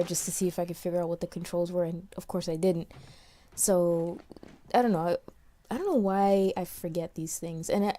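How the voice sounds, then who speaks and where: A woman's voice: fairly low pitch, dark tone. A woman from New York with a slight New York accent, giving casual, rambling let's play commentary recorded after playing. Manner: chatty, rambling, many restarts and fillers.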